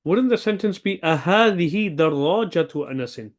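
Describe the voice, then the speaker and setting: A man's voice: high voice, animated, fast. A man teaching an Arabic grammar class, thinking aloud and checking in with "okay?" often. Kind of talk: online language lesson.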